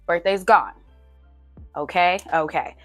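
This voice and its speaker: A woman's voice: fairly low pitch, slow, faint music behind. A young woman chatting casually and playfully while she works through a household budget on paper, teasing herself as she reads numbers aloud. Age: young adult. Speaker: budgeting vlogger.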